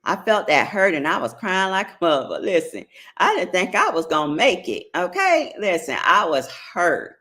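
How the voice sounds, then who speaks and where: Speaking at normal speed, this middle-aged woman with an African American Vernacular English accent hosts a casual relationship advice talk, blunt and profane as she checks on her listeners. Her voice is on the low side, very animated, bright and forceful.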